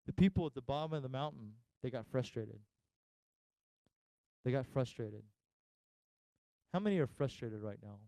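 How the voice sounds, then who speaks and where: A man preaching a sermon as pastor, talking straight to his listeners, asking them questions and pausing for effect. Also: mid-range voice, expressive, gravelly, warm tone, no room sound, low-quality recording. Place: church.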